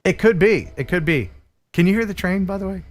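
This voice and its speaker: An American man hosting a casual livestream with a slightly raised pitch. He chats loosely, jokes with his co-host, and reads sponsor spots like an eager pitchman. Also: expressive, a little fast. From United States. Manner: chatty, joking, enthusiastic pitchman.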